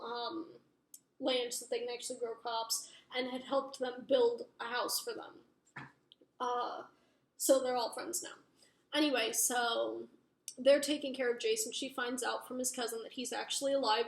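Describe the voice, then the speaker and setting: A young woman casually recapping a book plot, rambling with lots of fillers and swearing. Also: fairly high pitch. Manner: rambling, filler-heavy, profane. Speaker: book reviewer. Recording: roomy echo.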